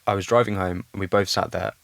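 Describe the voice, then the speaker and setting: A man's voice: low voice, fairly even intonation, fast talker, vocal fry, fairly bright tone, no echo. A young man speaking as a podcast guest in a candid, reflective conversation, thinking aloud earnestly.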